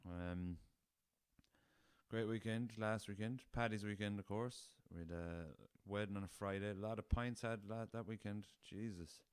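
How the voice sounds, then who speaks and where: A man's voice: fairly low pitch, steady tone, moderate pace, smooth, no echo. An Irish man hosting a casual solo podcast, rambling through a story and swearing freely, recorded on a laptop. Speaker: podcast host.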